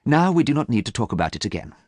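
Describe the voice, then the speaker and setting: A man's voice: medium pitch, big pitch swings, racing, husky, no echo, pitched above the performer's own voice. A man voicing a vain, cold young man who talks in a languid, haughty way. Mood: calm. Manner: languid, haughty, sometimes sharp.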